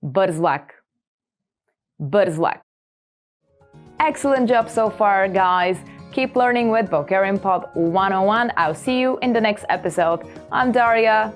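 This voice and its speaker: A woman hosting a scripted vocabulary lesson, repeating each word slowly and clearly for learners. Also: medium pitch, faint music behind. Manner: slow, clear repetition of words for learners. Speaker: language lesson host.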